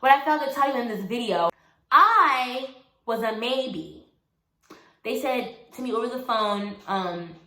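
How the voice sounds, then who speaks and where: A woman's voice: medium pitch, measured pace, pauses often, pushed and bright. A woman in her twenties telling a personal story in a casual, chatty way, calling the listener girl and honey. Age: 20s. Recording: roomy echo.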